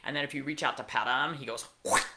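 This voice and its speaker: A woman's voice: a bass voice, fast talker, background noise. A middle-aged woman hosting a pet podcast, telling a casual story with wry asides and plenty of fillers. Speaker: veterinarian podcast host.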